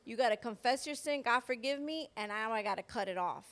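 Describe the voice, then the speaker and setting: A woman co-hosting a Christian podcast, telling a personal testimony in a lively way and acting out the voices of the people in her story. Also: on the high side, a little fast. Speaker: podcast co-host. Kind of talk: personal faith testimony in casual chat.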